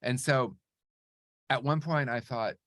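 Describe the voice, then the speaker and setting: A man as an interview guest, telling his story in an earnest, animated way and checking in with frequent "right?" asides. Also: medium pitch, slow pace, no room sound, studio quality. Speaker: guest speaker on recovery. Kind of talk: reflective conversational storytelling.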